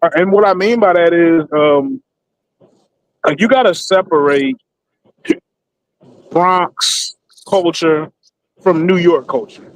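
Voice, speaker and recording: A man's voice: on the high side, slow pace, pauses often, dry recording, poor audio. A man speaking on an online panel debate, hiccuping and repeatedly excusing himself as he makes his point. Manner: keeps saying excuse me through hiccups.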